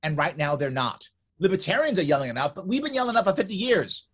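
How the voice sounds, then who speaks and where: A man's voice: high voice, big pitch swings, quick pace, breathy edge. A man talking as a guest in a casual conversation, emphatic and insistent, hammering his points home through repetition.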